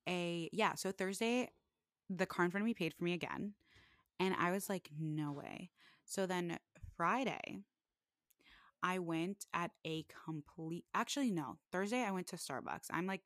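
Podcast host, young woman, slightly low, chatty storyteller, dry close mic. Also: no room sound. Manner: chatty, full of "like", animated when quoting others. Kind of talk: casual storytelling chat.

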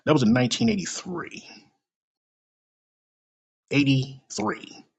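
Guy with a gravelly husky voice telling his own story, swearing a lot, pitch jumping all over. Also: big pitch swings, normal speed, a bit bright. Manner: blunt, profane, emotional retelling. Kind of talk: personal story told aloud.

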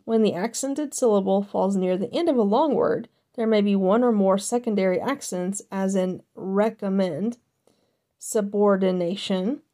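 A woman hosts a reading of encyclopedia entries in a voice of ordinary middle pitch for a woman. She reads carefully, trips on a word now and then and corrects herself, and drops into casual asides between entries. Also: normal speed, hardly any pauses, mellow.

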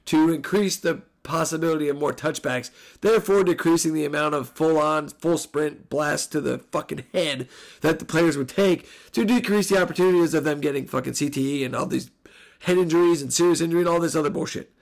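A man hosting a solo sports podcast, recapping a college football game with animated, profane rants. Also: a little high, brisk, creaky. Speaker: podcast host.

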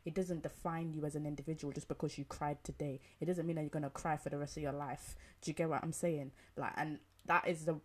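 A woman's voice: sits low, steady tone, fast, hardly any pauses, darkish tone. Emphatic young woman. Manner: emphatic, repetitive, rhetorical questions. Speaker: commentator. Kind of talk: opinion monologue.

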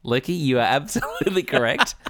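A man's voice: mid-range voice, a little fast, no echo, studio quality. A man in his thirties with an Australian accent, co-hosting a podcast and telling stories with comic grumbling. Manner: animated storytelling, grumbling for laughs. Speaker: podcast co-host. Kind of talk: casual chat.

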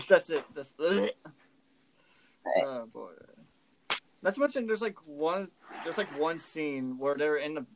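A man's voice: fairly high pitch, moderate pace, background noise. A man co-hosting a casual podcast chat, swearing freely, laughing often and telling stories with animation. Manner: profane, laughing, animated storytelling. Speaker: co-host.

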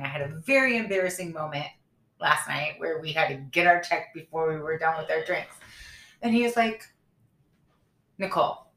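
A woman in her thirties co-hosting a casual podcast, telling a personal story candidly and acting out the lines of the people in it. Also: fairly low pitch. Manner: candid storytelling, animated retelling of dialogue. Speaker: podcast co-host. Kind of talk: casual chat. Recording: echoey room.

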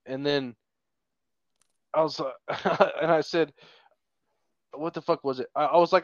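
A man's voice: a little high, steady tone, a little slow, long pauses, no room sound, dull audio. A man on a podcast telling a long story in a casual, rambling way with lots of swearing. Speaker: podcast co-host.

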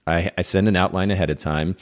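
A man's voice: low voice, steady tone, quick pace. A man hosting a podcast, chatting casually with a guest on a video call and often restarting his sentences. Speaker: podcast host. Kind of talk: casual interview chat. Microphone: remote call with guest over Zoom.

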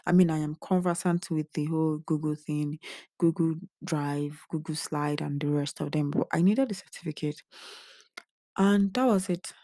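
A young woman confides in her viewers, worn out and earnest. Her voice is low, gravelly and mellow. The sound is close and dry. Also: moderate pace, no echo. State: emotionally drained. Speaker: vlogger. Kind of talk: candid personal vlog.

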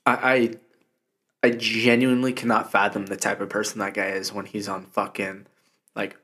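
A young man co-hosting a casual podcast chat, swearing freely and telling stories in an animated way. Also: fairly low pitch, normal speed. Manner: profane, animated storytelling. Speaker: podcast co-host.

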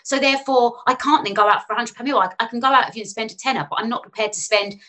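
A woman, a guest on a podcast, talking in quick, chatty bursts and acting out what other people say. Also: on the high side, a bit bright. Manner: fast, chatty, acts out quoted people. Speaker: guest, finance author. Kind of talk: casual podcast chat.

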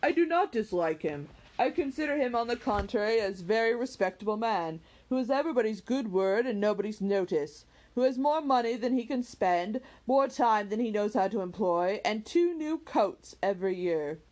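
A woman voicing an impetuous, passionate young woman who speaks with excited scorn. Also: a little high, normal speed, few pauses, close to an everyday voice. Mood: dismissive.

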